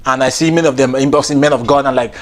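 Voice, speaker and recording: A man's voice: medium pitch, steady tone, very fast. A comedian host delivering a playful comic monologue and often laughing through his lines. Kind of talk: stand-up style comic monologue.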